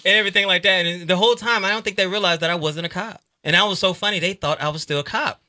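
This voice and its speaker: A man telling a long, profane, animated comic story in casual chat with friends. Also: high voice, fast talker, no room sound, clean studio sound.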